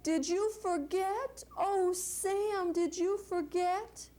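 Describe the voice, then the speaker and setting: A big, gentle storybook elephant, as a woman reading aloud puts it on, with a high-pitched voice. The words come slow and drawn out, in a picture-book reading style. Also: exaggerated voice. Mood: plaintive.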